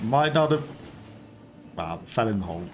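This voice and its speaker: A man's voice: on the low side, expressive, moderate pace, over music. A man casually chatting on a game livestream, rambling and chuckling often between remarks. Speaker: game streamer.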